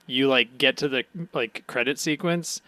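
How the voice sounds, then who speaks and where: A man's voice: mid-range voice, moderate pace, pushed and bright, no echo. A man co-hosting a podcast in casual chat, rambling playfully through goofy what-if ideas. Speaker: podcast co-host.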